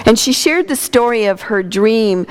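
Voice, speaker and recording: A woman minister giving a sermon, telling a story in a relaxed, conversational way. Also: on the high side, unhurried, clear, resonant tone.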